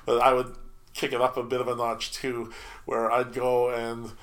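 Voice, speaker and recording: A man's voice: medium pitch, monotone, moderate pace, a bit bright. A middle-aged man telling work stories in casual chat, stumbling through restarts and repeated words and laughing often.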